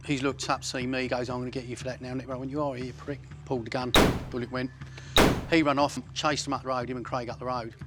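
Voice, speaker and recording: Fast-talking blunt man. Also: medium pitch. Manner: blunt, coarse storytelling. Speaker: interviewee. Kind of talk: recounting a violent episode.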